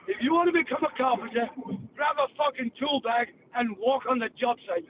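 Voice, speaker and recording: A man's voice: very high-pitched, fairly quick. An older man from England, ranting bluntly and profanely as a guest on a call-in show. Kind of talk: heated call-in rant. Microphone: phone line. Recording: tinny phone line with faint noise.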